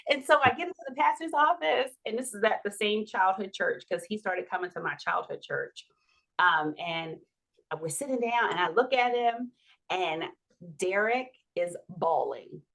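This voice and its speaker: Lively lady in her 40s telling her story on a podcast, acts out what folks said, laughs a lot. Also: mid-range voice, normal speed, gravelly. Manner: animated, laughing, acts out quoted dialogue. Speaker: podcast guest. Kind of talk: personal storytelling in an interview.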